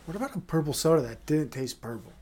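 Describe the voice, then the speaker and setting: A man's voice: fairly high pitch, animated, quick pace, a little mellow. A man in his thirties hosting a solo podcast, talking in a rambling, profane way with lots of fillers and tangents. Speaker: podcast host. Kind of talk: casual solo podcast monologue.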